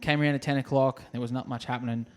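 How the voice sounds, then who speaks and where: A man telling stories on a casual podcast, at an ordinary middle pitch. He jokes his way through anecdotes and puts on the voices of the people in them. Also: fairly even intonation, rapid-fire. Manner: jokey, acts out quotes with sound effects. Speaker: podcast co-host. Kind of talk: casual storytelling chat.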